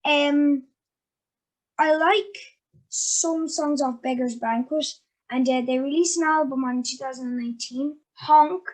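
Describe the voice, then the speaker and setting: A woman's voice: high-pitched, unhurried, a little mellow. A woman hosting a casual interview, chatty and giggly, with lots of ums and likes. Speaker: interviewer and host.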